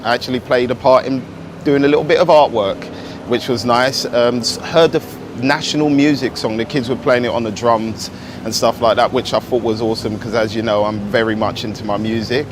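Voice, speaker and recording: A man's voice: medium pitch, fairly even intonation, a little fast, noisy background. Upbeat man reporting from outdoors. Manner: upbeat, chatty. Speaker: club ambassador reporting on location. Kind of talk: on-location report to studio.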